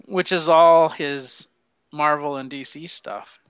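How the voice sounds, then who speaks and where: A man talks comics in loose, profane banter, laughing easily and tripping over his words. His voice is bright and crisp, a little higher than most. The recording is dry and slightly dull, lo-fi. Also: fairly even intonation, slow pace, dry recording. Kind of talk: casual comic book chat.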